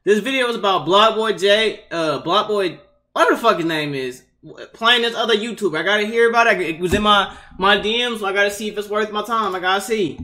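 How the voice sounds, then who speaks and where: A young man with a voice cracked from yelling earlier, giving loud, excitable reaction commentary with plenty of profane trash talk. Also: high-pitched, fairly quick. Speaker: YouTuber reacting to a video. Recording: loud music underneath. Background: loud music.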